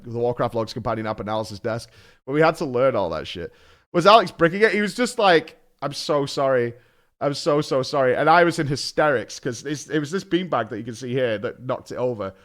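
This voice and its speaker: A man chatting on his stream, his voice rising and falling over a lively range as he recounts a mishap. He swears casually and breaks into laughter, keeping the tone loose and conversational. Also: mid-range voice. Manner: animated storytelling, swearing and laughing. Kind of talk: casual chat.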